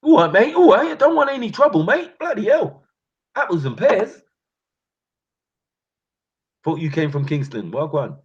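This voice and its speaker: A man putting on a nervous Cockney white man who backs down, in a high pleading voice. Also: big pitch swings, normal speed, pauses often. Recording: dull lo-fi recording.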